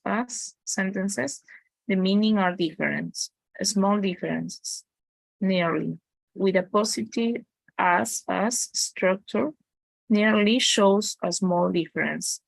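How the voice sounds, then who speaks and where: Woman, slow halting reading, gravelly voice. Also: medium pitch, no room sound, poor audio. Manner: reads aloud haltingly, restarting words. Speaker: student.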